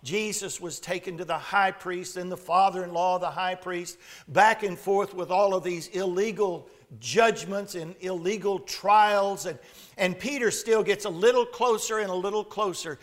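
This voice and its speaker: A man preaching a sermon, retelling a Bible story with dramatic shifts between loud and hushed delivery. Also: high voice, moderate pace.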